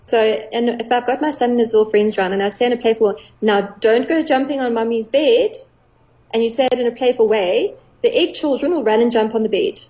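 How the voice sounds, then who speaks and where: A middle-aged woman, a clinical psychologist, explaining earnestly on a radio talk show, with gentle playful examples. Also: on the high side, quick pace, few pauses, rough recording.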